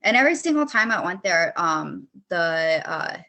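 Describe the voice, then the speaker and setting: A woman's voice: fairly low pitch, very animated, moderate pace, creaky, pushed and bright. A young woman guest on a podcast, bluntly telling a personal story, swearing often and acting out past arguments in quotes.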